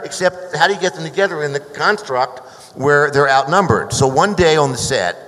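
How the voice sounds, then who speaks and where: A man on a panel telling a long behind-the-scenes story, restarting often and turning animated when he quotes others. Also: fairly high pitch, fast. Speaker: screenwriter guest. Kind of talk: anecdotal panel talk. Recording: hall reverb.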